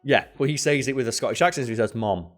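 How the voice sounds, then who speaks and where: British guy on a podcast, tells stories all animated, light music underneath. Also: medium pitch, very fast. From Britain. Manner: animated storyteller, puts on voices for quotes. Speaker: podcast co-host. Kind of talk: casual chat.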